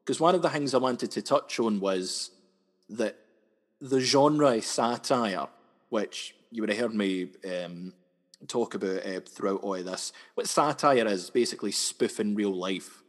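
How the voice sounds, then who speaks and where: A man's voice: on the low side, unhurried. A young Scottish man from the West Coast, a sketch comedian chatting as an interview guest, who often repeats words and restarts. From Scotland, West Coast. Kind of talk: casual interview chat. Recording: long hall reverb.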